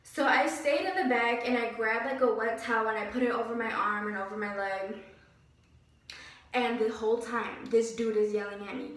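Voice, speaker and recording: A young woman telling a story in a casual vlog, animated and exasperated, full of "like"s and sighs. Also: on the high side, moderate pace, far from the mic. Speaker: vlogger. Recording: very echoey room, voice away from mic.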